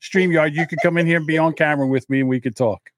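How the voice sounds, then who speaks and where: A man's voice: on the high side, steady tone, fast talker, no echo, clean studio sound. A man hosting a casual after-show podcast, rambling a little tipsy and reading viewer comments aloud. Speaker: podcast host. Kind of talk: casual drunken chat.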